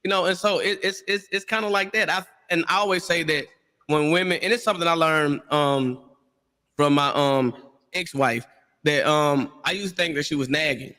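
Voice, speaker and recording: A man on a discussion panel, talking in an animated way and acting out voices in his stories. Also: on the high side, normal speed, big-room sound. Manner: animated storyteller, acts out quotes.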